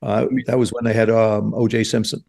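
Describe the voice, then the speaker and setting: A man in his seventies from New Jersey, a guest telling stories in an animated way on a podcast. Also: fairly low pitch, fairly quick, vocal fry. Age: 70s. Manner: animated storyteller, acts out quoted voices. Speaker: guest, former quarterback. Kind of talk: storytelling interview. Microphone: podcast studio mic.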